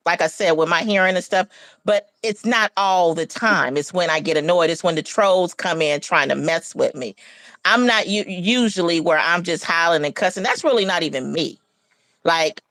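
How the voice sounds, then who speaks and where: A woman's voice: fairly low pitch, gravelly, a bit bright, no echo, rough recording. A middle-aged woman chatting and gossiping on a casual livestream.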